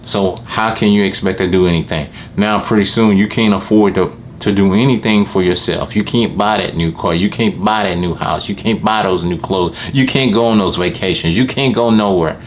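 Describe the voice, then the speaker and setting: Deep-voiced man telling a work story. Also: normal speed, hardly any pauses, a little hiss or hum. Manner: rambling anecdote, often repeats "I said". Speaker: lawn care business owner. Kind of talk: casual storytelling to camera.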